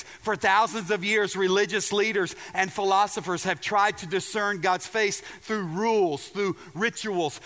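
A man's voice: high-pitched, bright, forceful tone, long reverb tail. A man preaching a sermon as pastor, emphatic, repeating his words and asking the congregation questions.

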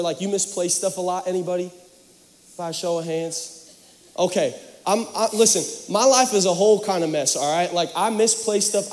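This young man's sermon comes across as animated and jokey, full of storytelling, and his voice runs high for a man. Around him, a large church hall sends long reverb rolling.

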